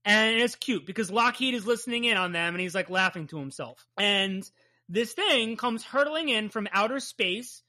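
Bright-voiced, profane woman comic podcaster. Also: medium pitch, animated, normal speed. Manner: chatty, profane and enthusiastic. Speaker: comic book podcast host. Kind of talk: casual chat recapping a comic.

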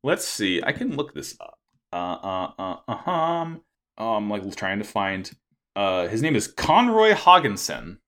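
A man's voice: on the low side, big pitch swings, unhurried, a bit bright. A man recapping a plot in casual chat, rambling with lots of fillers and swearing. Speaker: podcast co-host recapping an anime.

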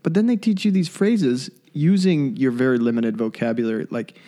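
Man, mid-pitched voice, co-host, wry joking, casual chat. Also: moderate pace, mellow. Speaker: podcast co-host.

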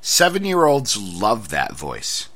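A man's voice: lowish voice, wildly swooping pitch, slow pace, a bit bright. A man co-hosting a wrestling podcast, chatting casually in a joking, self-deprecating way. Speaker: podcast co-host. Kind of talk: casual chat.

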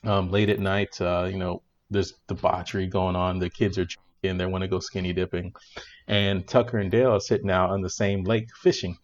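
A man's voice: low voice, little pitch movement, fairly quick, dull audio. A man in casual chat, animatedly retelling a comedy film's plot, laughing often and restarting his sentences. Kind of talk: casual movie review chat.

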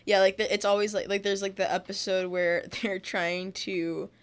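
A woman's voice: mid-range voice, little pitch movement, normal speed, clean tone. Chatty young woman, filler-heavy. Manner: chatty, lots of "like" fillers, laughs often. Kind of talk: casual chat.

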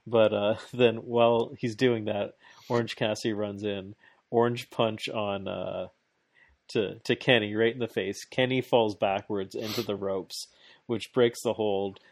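Excited man recapping in a dry room. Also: on the low side, measured pace, no echo. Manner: excited, laughs often, rambling play-by-play with restarts. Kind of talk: casual chat recapping a wrestling match.

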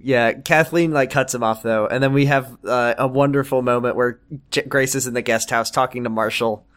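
A man's voice: mid-range voice, fairly even intonation, normal speed, a bit bright, clean tone. Man joking through a TV recap. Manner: jokey, quoting characters in put-on voices. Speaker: podcast co-host. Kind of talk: casual chat recapping a TV episode.

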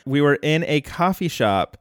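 A man hosts a podcast and walks through a cartoon episode scene by scene. His voice is smooth and resonant, recorded close and dry, with a relaxed storytelling flow. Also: a little high, normal speed, dry recording. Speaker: podcast host. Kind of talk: casual podcast chat.

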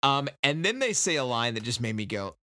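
Guy recapping a book on a podcast, bright tone, jokey, tosses in little voices. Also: medium pitch, sing-song, no room sound, studio quality. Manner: loose, joking, quotes characters in quick impressions. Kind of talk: casual chat.

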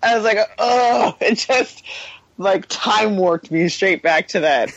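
A woman co-hosting a casual podcast chat, talking fast with quick asides and frequent laughs. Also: mid-range voice, highs cut off, a little hiss or hum. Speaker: podcast co-host.

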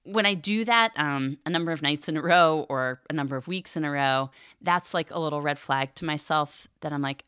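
A woman with a low, smooth voice talks through faith in a casual, reflective way. She is chatty and earnest, full of "like" and "um," and the recording is close and dry. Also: a little fast, fairly bright tone, no echo. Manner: chatty, many fillers like "like" and "um". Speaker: Catholic catechism podcast co-host.

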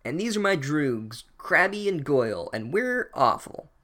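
A man voicing a smug, sneering schoolboy bully in a raised, slow drawl. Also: fairly high pitch, sing-song, sharp tone, voice pushed up, full character voice.

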